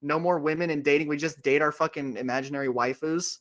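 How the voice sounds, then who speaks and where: Excitable, profane young man. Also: on the high side, quick pace. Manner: profane, excitable, laughs a lot. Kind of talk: casual chat, reading comments.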